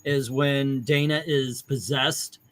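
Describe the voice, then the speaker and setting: A man hosts a casual movie chat in a steady, medium-pitched voice at a slow pace. Enthusiastic, he reads out viewer comments and eagerly retells his favorite scenes in detail.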